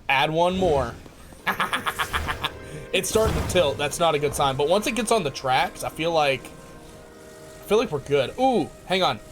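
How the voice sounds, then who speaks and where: A man streaming a game live, chatting casually with his viewers, excitable and laughing often. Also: a little high. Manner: excitable, laughs often, talks to chat by name. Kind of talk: casual live-stream chat while playing.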